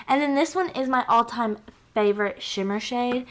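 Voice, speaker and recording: Young female beauty vlogger, a bit high-pitched, excitable and rambling, casual get-ready chat. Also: brisk. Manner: chatty, gushing, filler-heavy. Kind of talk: casual makeup tutorial chat.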